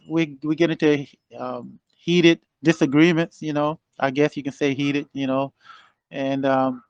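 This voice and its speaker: A man in his sixties giving a motivational exhortation over a remote call, halting with many fillers and building to fervent emphasis. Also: a little high, no echo, lo-fi sound. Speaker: guest speaker. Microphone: remote call connection.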